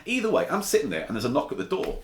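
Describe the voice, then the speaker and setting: A man hosting a podcast, telling stories in a casual, animated chat and swearing freely. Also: mid-range voice, racing. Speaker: podcast host. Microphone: table mic. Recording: echoey room, faint noise.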